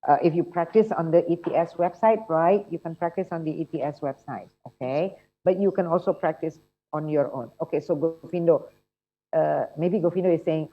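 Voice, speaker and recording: A woman's voice: sits low, moderate pace. A woman running an online test-prep workshop, chatty and encouraging, often checking in with her students. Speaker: TOEFL instructor. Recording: muffled lo-fi online call audio.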